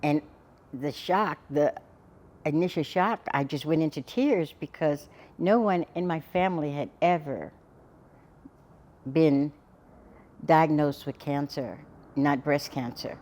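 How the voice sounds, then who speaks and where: A middle-aged woman, a podcast guest, telling her personal story in an earnest, halting way with frequent restarts. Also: low voice, a little mellow. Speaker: guest, cancer survivor.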